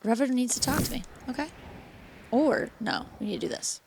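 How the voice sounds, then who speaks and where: A woman streaming a game, chatting casually with viewers and reacting loudly. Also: on the high side, fairly quick, background noise. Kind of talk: casual gameplay commentary.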